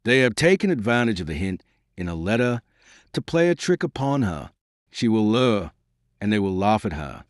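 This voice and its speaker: Guy voicing a hotheaded old-time knight, low voice, big swings up and down. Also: sing-song, normal speed, dry recording, studio quality. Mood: whispering worry. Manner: indignant then awed exclamations. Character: agitated loyal medieval male knight.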